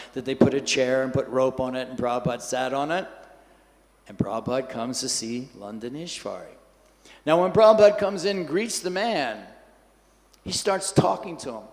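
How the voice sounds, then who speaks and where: A man giving a scripture class in a temple hall, telling an anecdote in a lively way and acting out the quotes. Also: mid-range voice, normal speed. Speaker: class speaker.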